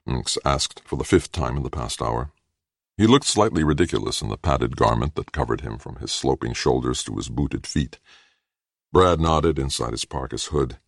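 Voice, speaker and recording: A man reads a story aloud in a steady, measured way. His voice is very deep with a gravelly edge, and the recording is dry and close. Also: no echo. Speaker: audiobook narrator. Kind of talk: scripted narration.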